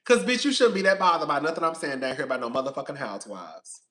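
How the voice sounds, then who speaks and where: A man's voice: a little high, expressive, fast talker, a bit bright. A man hosting a casual live stream, talking straight to his viewers in a sassy, profane, long-winded way. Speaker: host of a reality TV commentary channel.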